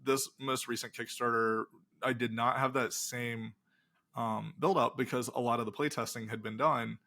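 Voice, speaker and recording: A man's voice: medium pitch, moderate pace. A middle-aged man, a pastor and game designer, telling stories in a casual interview and acting out the dialogue. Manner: animated retelling with quoted dialogue.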